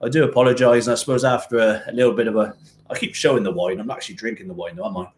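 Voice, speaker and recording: A man's voice: fairly low pitch, steady tone, very fast, slight background noise. A man from Hereford with a Gloucestershire West Country twang and a touch of Welsh, hosting a fitness live stream from a cold home gym shed. He is jokey and rambling, laughs often, and chats casually as he reads out viewers' comments. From England, born in Hereford. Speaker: fitness channel host.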